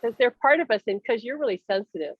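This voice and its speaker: A woman's voice: a little high, expressive, fast talker, slightly rough, lo-fi sound. A woman hosting a casual chat about spirit contact, telling stories animatedly and laughing often. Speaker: host, spiritual medium. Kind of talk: casual video-call chat.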